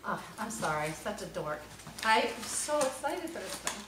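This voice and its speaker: A woman unboxing an instrument in a casual vlog, gushing and excitable, laughing often. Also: mid-range voice, moderate pace. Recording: roomy, mic at a distance, background noise.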